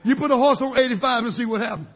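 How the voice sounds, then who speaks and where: A middle-aged male preacher delivering a fiery sermon. He swings between shouted peaks and low asides, and drops in hallelujahs. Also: rapid-fire.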